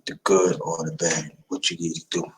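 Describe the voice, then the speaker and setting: A man's voice: rumbling low, monotone, normal speed, a little hiss or hum, low-quality recording. A man in his fifties hosting a livestream, giving an emphatic, repetitive motivational talk. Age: 50s. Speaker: livestream host.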